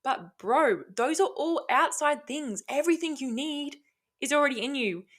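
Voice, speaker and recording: A woman's voice: sits high, normal speed. Woman podcaster on her own, chatty and sweary, hyped-up tough-love pep talk. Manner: energetic, sweary, motivational. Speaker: podcast host. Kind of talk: casual solo podcast talk.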